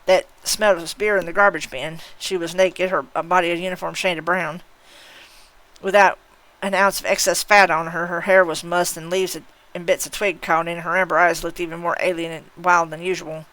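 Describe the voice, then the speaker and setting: A woman's voice: lowish voice, level tone, a bit bright, low-quality recording. A woman reading a novel aloud on a live stream, taking her time over each line. She stumbles now and then and corrects herself mid-sentence. Her voice sits in a middle register. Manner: unhurried reading with occasional slips and self-corrections.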